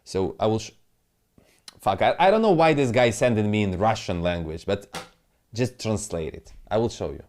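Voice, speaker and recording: A man speaking non-native English talks casually through crypto charts as a trading analyst, rambling, muttering to himself, and swearing now and then. His voice sits on the low side, expressive and a little mellow, at a normal speed.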